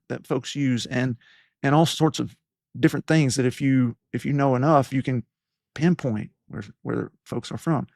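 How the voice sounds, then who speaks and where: A man in his fifties from East Tennessee, opening up about his past as the guest of an interview. He rambles reflectively, circling back with fillers and restarts, at an average pitch for a man. The recording is dry and close, with no room sound. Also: vocal fry, a little mellow, dry recording. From East Tennessee, USA. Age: 50s. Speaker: leadership podcast host as guest. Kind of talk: personal storytelling interview.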